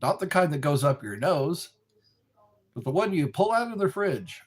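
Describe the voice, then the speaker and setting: Man, husky voice, slow meandering live-stream chat, lively pitch. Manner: slow, meandering, talks to viewers. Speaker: livestream host. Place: dark room lit by a candle.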